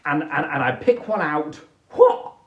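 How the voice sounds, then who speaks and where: Brief: livestream host, theatrical and chatty, lively and unhurried, slightly high voice. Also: male voice, dull audio. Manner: animated, theatrical storytelling with put-on voices. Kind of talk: casual livestream chat. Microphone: phone livestream.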